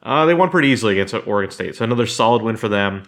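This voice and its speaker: A fairly low-voiced man chats about college sports on a podcast. He weighs each point in a measured, opinionated way, often pausing on "um.". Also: lively intonation, fairly bright tone. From Southern California. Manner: measured, opinionated analysis with "um" fillers. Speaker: podcast co-host. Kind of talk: casual sports chat.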